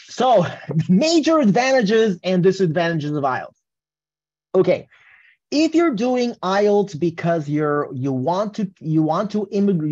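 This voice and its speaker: A man's voice: high-pitched, a little mellow, lo-fi sound. A man giving a casual test-prep webinar presentation, often tagging his points with "right?". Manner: casual, tags statements with "right?". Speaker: English test prep instructor.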